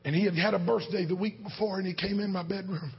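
A man pastor preaching a sermon as a story, swinging between loud shouted lines and hushed whispers. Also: high voice, fairly even intonation, fast, vocal fry. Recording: dull lo-fi sound.

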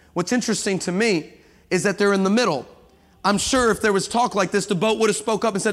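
A man preaches with animated energy and calls out to the congregation as a guest pastor. His voice sits high for a man and rings through a big church hall with long reverb. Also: a little fast. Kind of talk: energetic sermon.

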